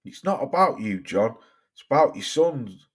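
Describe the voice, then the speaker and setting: A man's voice: mid-range voice, sing-song, normal speed, slightly rough. Sweary man ranting about boxing. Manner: sweary, exasperated, reads out viewer comments. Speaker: boxing channel host. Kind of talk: casual livestream rant.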